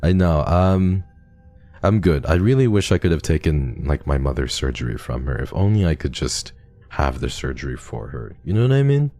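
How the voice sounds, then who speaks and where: A man streaming, chatting casually and reading donations with a halting, stammering, heartfelt manner. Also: rumbling low, mellow.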